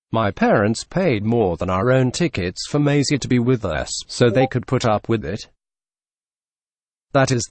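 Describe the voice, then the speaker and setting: A man narrating a story read from an online forum, in an expressive voice-over with sarcastic asides. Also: medium pitch, no room sound. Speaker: narrator reading a reddit story.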